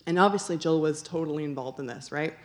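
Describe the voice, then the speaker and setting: A woman's voice: low-pitched, fast talker. A woman sharing a personal testimony in an earnest storytelling manner, acting out the dialogue she recounts and repeating phrases for emphasis. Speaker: church member sharing a testimony.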